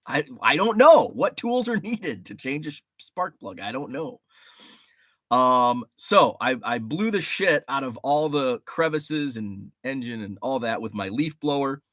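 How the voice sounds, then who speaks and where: A man hosting a casual livestream from a home studio, his voice swinging widely in pitch as he rambles and calls out viewers in the chat. He sounds a little stuffy from allergies, and the studio mic gives a close, dry sound with no room echo. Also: unhurried. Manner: rambling and animated, reading chat names aloud with greetings. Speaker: livestream host.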